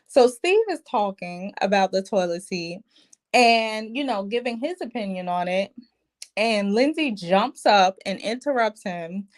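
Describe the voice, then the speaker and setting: A woman recapping a reality show episode in a chatty, opinionated, slangy way. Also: mid-range voice. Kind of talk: casual show recap commentary.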